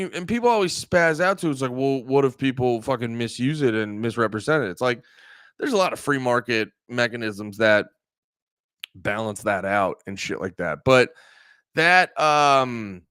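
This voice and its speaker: A man talking off the cuff on a livestream, meandering, joking and swearing as he answers his chat. His voice is smooth and clean, recorded dry with no room sound around it. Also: a little high, a bit bright, dry recording. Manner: rambling, profane, joking, talks to chat. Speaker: livestream host.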